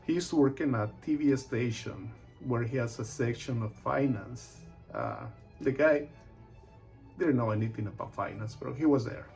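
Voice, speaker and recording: A man, a real estate agent, telling a personal story in an animated way and acting out the voices of its people. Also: medium pitch, moderate pace, gravelly, soft background music.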